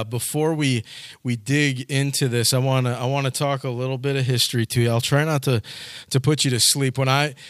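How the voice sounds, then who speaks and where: A man's voice: mid-range voice, a bit bright, no echo, clean studio sound. A male pastor preaching a sermon in a casual storytelling way, often restarting his phrases.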